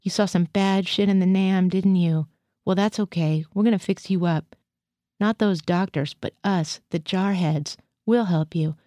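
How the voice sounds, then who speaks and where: Cheerful male marine patient, read by a woman, relaxed, low mellow voice. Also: a little slow, no room sound, studio quality, lightly acted. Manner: easygoing, cheerful.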